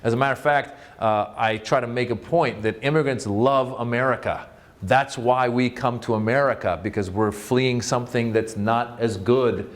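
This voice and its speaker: A man from Northern California tells funny stories from his own life to a room. His voice sits at an ordinary middle pitch. He talks in a loose, self-mocking way, trips over his words and starts again with plenty of ums and uhs. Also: moderate pace. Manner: chatty, self-mocking, full of fillers and restarts. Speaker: author and comedian giving a talk. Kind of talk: humorous storytelling talk.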